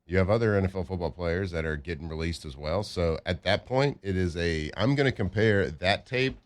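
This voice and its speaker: A man's voice: sits low, a little fast. A man co-hosting a sports talk radio show, chatting casually and joking about players. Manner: laid-back, joking, acts out players' thoughts.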